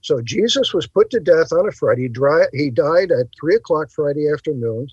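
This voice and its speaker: Man, talk show host, teacherly, slightly high, dull lo-fi audio. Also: lively intonation, a little mellow, breathy edge, no room sound. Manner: teacherly, pausing to stress points. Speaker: podcast host. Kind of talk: explanatory bible talk.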